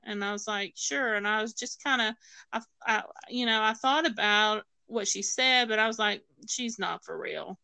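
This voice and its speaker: Bright, gravelly woman telling a story. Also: medium pitch, moderate pace, no room sound, poor audio. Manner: storytelling, acting out quoted voices, many fillers and restarts. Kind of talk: personal testimony in conversation.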